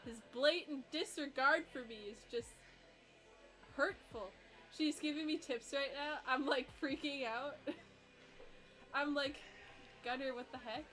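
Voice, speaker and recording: A young woman vlogger reacts to her own dog competition video in a high, fairly bright voice, speaking slowly with long pauses. Her commentary is casual, giggly and rambling, packed with fillers.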